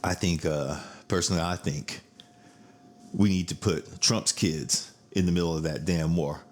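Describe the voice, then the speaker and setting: A man with a very low, deep voice talks casually on his podcast. He is blunt and profane, and he laughs as he tells family stories. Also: steady tone, moderate pace. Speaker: podcast host. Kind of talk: casual chat.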